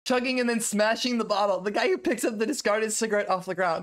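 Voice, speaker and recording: A woman's voice: a little high, steady tone, fast talker. A young woman streaming live, chatting casually and laughing often as she reacts to a video.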